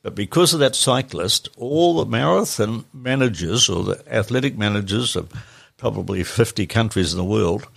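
Gravelly, husky older man. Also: fairly low pitch, lively intonation, moderate pace, a bit bright, no echo. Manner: plain-spoken, matter-of-fact recollection. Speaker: podcast guest. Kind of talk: reminiscing interview answers.

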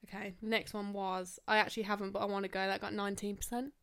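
A woman's voice: medium pitch, flat delivery, fast, a bit bright, clean tone. A woman in her twenties with a Birmingham accent, co-hosting a casual podcast chat with a chatty, teasing manner and casual swearing. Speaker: podcast co-host.

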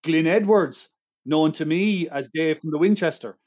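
A man's voice: a little high, normal speed, darkish tone. A man in casual film chat who praises the performances with enthusiasm and argues his side firmly. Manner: enthusiastic, argumentative.

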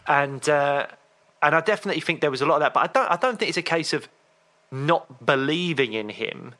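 A man co-hosting a podcast, telling a story in a chatty, animated way. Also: on the high side, fairly quick. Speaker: podcast co-host. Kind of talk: casual chat.

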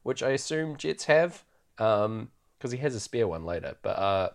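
A man's voice: mid-range voice, very animated, normal speed, creaky. A man hosting a podcast, chatting loosely through a film recap and laughing often. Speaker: podcast host. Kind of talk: casual film recap chat.

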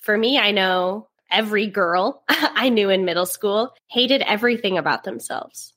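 A woman's voice: mid-range voice, expressive, moderate pace, a bit bright. A young adult woman co-hosting a podcast in casual chat, chatty and self-mocking, laughing often. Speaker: podcast co-host.

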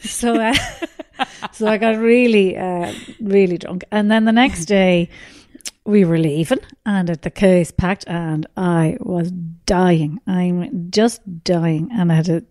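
A middle-aged Irish woman, a comedian, telling a lively anecdote with swearing and laughter. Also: on the low side, slow pace, dry recording, studio quality. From Ireland. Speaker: comedian guest. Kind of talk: storytelling interview.

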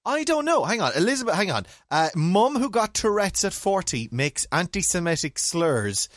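A man's voice: sits high, big pitch swings, normal speed, no room sound. Irish man telling a story, dry sound. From Ireland (County Mayo). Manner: storytelling, laughs often, bursts into shouting. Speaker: podcast co-host. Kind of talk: casual chat.

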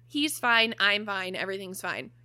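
A young woman co-hosting a podcast, telling a story in a lively way, swearing freely and laughing often. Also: medium pitch, moderate pace, no echo. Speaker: podcast co-host. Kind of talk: casual chat, storytelling.

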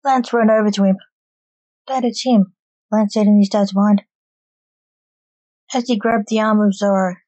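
A woman storyteller reading a story aloud in an even, measured way. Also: mid-range voice, dry recording, low-quality recording.

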